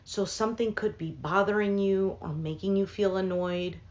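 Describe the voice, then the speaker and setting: A woman's voice: medium pitch, steady tone, moderate pace, darkish tone, dull audio. A woman reading tarot cards for her viewers in a casual, thinking-aloud way, with many fillers and asides. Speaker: tarot reader.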